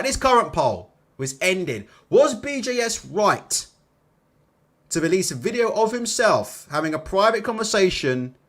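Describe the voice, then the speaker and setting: A man hosting a casual boxing livestream, animated and bantering, swearing freely. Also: high-pitched. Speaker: boxing channel host.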